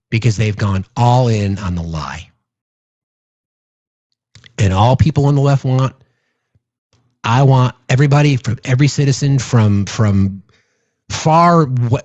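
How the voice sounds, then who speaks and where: A man's voice: mid-range voice, a little mellow, no room sound, lo-fi sound. A man giving a casual political rant to his viewers, sarcastic, mocking and profane. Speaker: political commentator.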